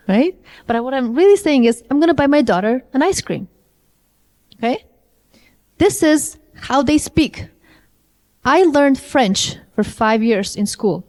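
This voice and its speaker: Woman trainer lecturing a crowd, kinda high voice, long echo from the hall. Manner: lively and interactive, asks the audience questions. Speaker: IELTS trainer. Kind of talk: lecture to a live audience.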